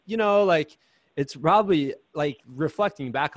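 A man's voice: a little high, expressive, moderate pace. A man talking casually as a podcast guest, telling a story in a chatty way with lots of "like" and fillers.

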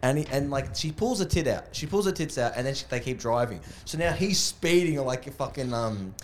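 Animated guy telling a story. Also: mid-range voice, fairly quick, a little hiss or hum. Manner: animated storytelling, laughing, swearing. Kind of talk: casual chat.

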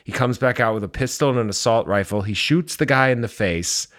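A man co-hosting a podcast in casual chat, with a deadpan, darkly humorous manner. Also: medium pitch, brisk. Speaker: podcast co-host.

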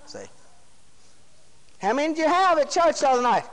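A man's voice: very high voice, very animated, normal speed, pauses often, fairly bright tone. A man preaching a sermon, folksy and emphatic, often throwing rhetorical questions to the congregation. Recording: long hall reverb.

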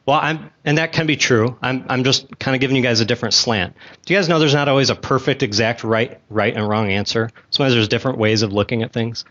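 A man's voice: medium pitch, fast talker, fairly bright tone, dull audio. A man teaching a Bible class in a conversational way, asking the class questions and making asides, talking with gum in his mouth.

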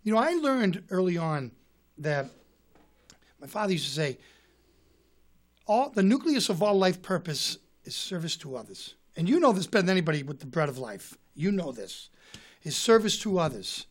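A man with a slightly high voice tells stories in a loose, conversational way. He restarts his sentences often and repeats words as he goes. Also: very animated, normal speed. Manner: rambling storyteller with frequent restarts, imitates others' voices. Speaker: guest singer and author. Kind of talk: casual interview chat.

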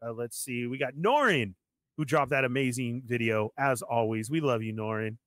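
A man's voice: medium pitch, normal speed, dry recording. A man hosting a live toy collector stream, welcoming viewers by name and laughing along with his co-hosts. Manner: energetic, laughs a lot. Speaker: host.

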